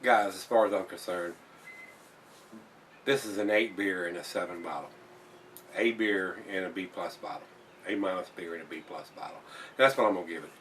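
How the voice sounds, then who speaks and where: A man's voice: low-pitched, a bit bright, recorded from a distance, slight background noise. A man reviewing a beer in a casual vlog, blunt and plain-spoken, swearing when annoyed and repeating himself.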